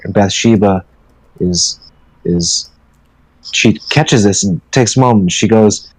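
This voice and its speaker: A man narrating his turn in a tabletop storytelling game, a lively storyteller who swears and jumps into character voices. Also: on the low side, takes it slowly, pauses often, husky, no echo, low-quality recording. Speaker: player.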